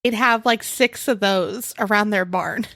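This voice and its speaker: A woman's voice: mid-range voice, unhurried, pushed and bright, no echo. A woman co-hosting a podcast in casual chat, wry and teasing, laughing often. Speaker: podcast co-host.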